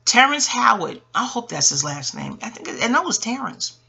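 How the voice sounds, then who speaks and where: A woman in her forties, an astrologer talking in a casual, rambling monologue, animated and profane with laughing asides. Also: fairly high pitch, moderate pace, vocal fry, slightly rough. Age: 40s.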